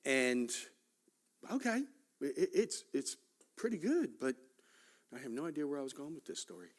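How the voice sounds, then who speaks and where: A man's voice: a little high, sing-song, moderate pace. A man teaching a Sunday school class at church, talking conversationally with joking asides and frequent checks like "right?" and "okay?".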